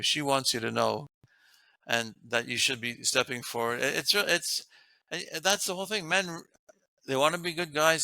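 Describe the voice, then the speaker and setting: Bright, gravelly man giving earnest advice. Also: fairly high pitch, dry recording. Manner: earnest, laughs often while making points. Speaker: guest author giving relationship advice. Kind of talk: casual interview talk.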